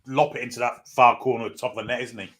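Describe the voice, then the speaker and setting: A man's voice: mid-range voice, level tone, very fast, fairly bright tone. A man co-hosting a fan match watchalong, chatting through the play with dry, wry remarks. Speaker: co-host and pundit. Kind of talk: casual fan match punditry.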